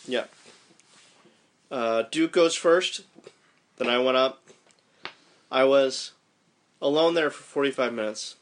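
A man casually recounting an underground climb to his companions as an animated storyteller. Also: mid-range voice, slow pace, pauses often. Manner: animated storyteller, shouts in quoted lines.

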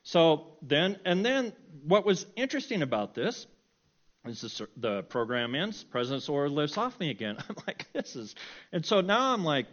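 A middle-aged man telling a personal story in a sermon, animated and self-mocking, often breaking into laughter. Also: a little high, moderate pace, highs cut off. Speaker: preacher.

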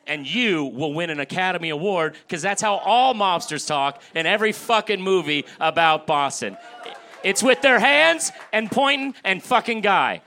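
A man riffs brashly through an improvised comedy answer and swears freely. His tone is bright and his pitch sits a little high. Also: animated, normal speed. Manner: brash, profane, building riffs. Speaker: comedy contestant.

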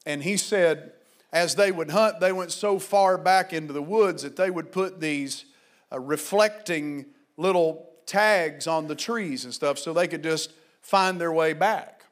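A man preaching a sermon as pastor, fervent and exhorting, at times shouting and at times telling stories quietly. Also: fairly high pitch, measured pace.

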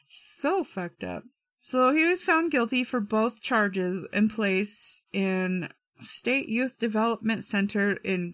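A woman's voice: medium pitch, fairly bright tone, dry recording. A young woman, hosting true crime, telling it casually with sarcasm, blunt swearing and chatty asides. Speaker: true crime podcast host.

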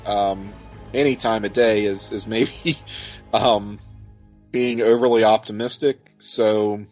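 A man co-hosting a casual podcast, joking at his own expense and working through ideas out loud. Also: lowish voice, steady tone, slow pace. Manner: self-deprecating, joking, thinks aloud with restarts. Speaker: podcast co-host. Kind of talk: casual chat. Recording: slightly dull lo-fi audio, faint music.

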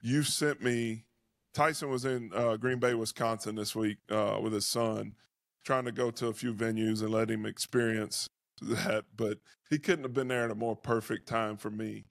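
A man's voice: fairly low pitch, fairly even intonation, normal speed, vocal fry, dry recording, studio quality. A man in his forties hosting a casual podcast interview, trading laid-back, teasing banter with a friend. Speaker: podcast host, former NFL player.

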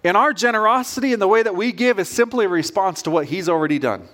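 Pastor guy with a pretty high voice, preaching straight and earnest, talks to the church like a friend. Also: lively intonation, fast, a bit bright. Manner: earnest, direct, conversational preaching. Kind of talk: sermon.

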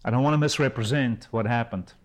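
A man preaching a sermon as a pastor and Bible school teacher, impassioned, swinging between loud rises and hushed drops. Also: medium pitch, fast talker, poor audio.

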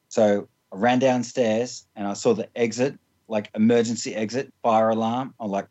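With a mellow, lowish voice at normal speed and a steady tone, this interview guest rambles through amusing stories from his life. He laughs a lot, restarts often, and says "like" constantly, all on a muffled recording.

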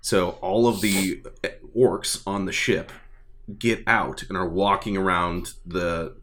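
A man chatting casually and excitedly about a tabletop game, rambling with lots of fillers. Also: low-pitched, takes it slowly, slight background noise. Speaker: tabletop gaming enthusiast. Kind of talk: casual chat.

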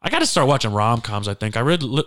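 A man's voice: mid-range voice, very animated, fast talker, fairly bright tone. A man hosting a podcast, chatting in a rambling, jokey way. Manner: rambling, jokey, many restarts. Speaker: podcast host. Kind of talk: casual chat.

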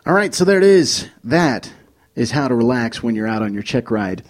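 A man hosting a casual podcast, relaxed and filled with ums while plugging a course. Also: medium pitch, normal speed. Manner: relaxed, filler-heavy, laughs along. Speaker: podcast host. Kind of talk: casual chat and promo read.

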